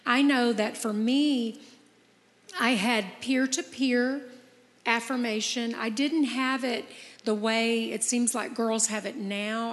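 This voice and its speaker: Sounding like she's in a big room, a podcast host in her fifties speaks in a somewhat high voice. She keeps the conversation casual and heartfelt, offering encouragement earnestly and telling stories from her own life.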